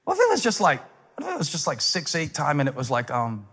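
A man in his forties preaching a sermon as a pastor, telling stories with humor and building up to shouted climaxes. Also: fairly high pitch, huge pitch swings, fast, husky, in a large hall. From United States. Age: 40s.

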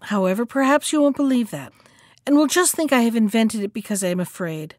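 A woman voicing a clever male monkey who talks with breezy, mocking calm in a storybook reading. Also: fairly high pitch, a little fast, no echo, studio quality, close to an everyday voice.

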